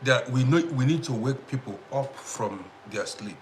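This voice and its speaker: This man hosts a casual livestream, talking to his audience, greeting viewers by name, and repeating himself. His voice is medium-pitched and his pace moderate. There's slight background noise.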